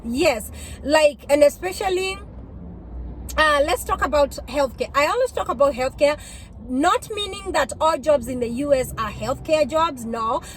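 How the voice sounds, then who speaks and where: A woman from Africa chatting casually to her viewers while driving, telling stories in an animated way and laughing often. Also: high voice, unhurried, rough recording. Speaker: vlogger. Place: inside a car, driving. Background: faint road and car noise.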